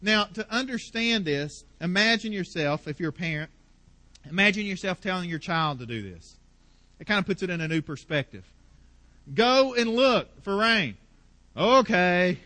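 A pastor delivering a sermon in a high, bright, forceful voice. He preaches with passion and builds his points through emphatic repetition. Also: lively intonation, moderate pace.

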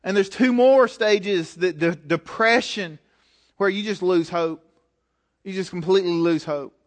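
A man's voice: sits high, unhurried. A male preacher delivering a conversational sermon, speaking with emphasis and direct exhortation.

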